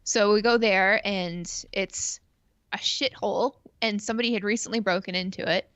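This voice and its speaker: A woman's voice: medium pitch, steady tone, moderate pace, a bit bright, clear, resonant tone, no echo. A woman from Canada telling a long personal story in casual chat, rambling with lots of fillers and swearing freely. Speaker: stream co-host.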